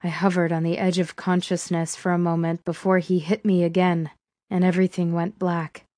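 A woman reading a first-person thriller audiobook in a steady, measured way. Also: lowish voice, no echo, studio quality. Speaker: audiobook narrator.

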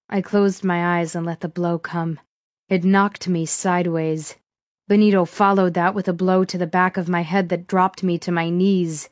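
Low-voiced woman narrating a thriller audiobook. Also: flat delivery, a little slow, a little mellow, dry recording, studio quality. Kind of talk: first-person audiobook narration.

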